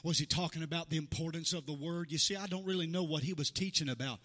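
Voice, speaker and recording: A man's voice: on the high side, steady tone, fast talker, hardly any pauses, bright, forceful tone. Fervent preacher man in an echoey hall. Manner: preaching with rising fervor, acting out quoted voices; calls out to congregation members by name. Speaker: pastor. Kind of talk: sermon. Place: church sanctuary.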